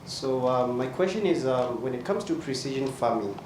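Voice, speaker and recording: A man's voice: medium pitch, lively intonation, moderate pace, background noise. A man from Africa, hesitantly asking a question from the audience. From South Africa. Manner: hesitant, filler-heavy. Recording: distant echoey hall with loud ambience.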